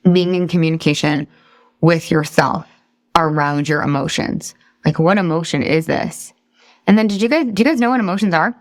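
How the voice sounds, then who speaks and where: Low-ish voiced woman coach, 30s, super chatty, keeps asking the group stuff, dry close sound. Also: no echo. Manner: chatty, encouraging, asks the group many questions; drifts off topic and laughs at herself. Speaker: weight-loss coach. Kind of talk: live online coaching class.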